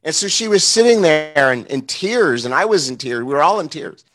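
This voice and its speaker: A man's voice: a little high, expressive, normal speed, fairly bright tone. A man preaching a morning sermon, telling a heartfelt personal story in an earnest, emotional way, with many fillers and restarts.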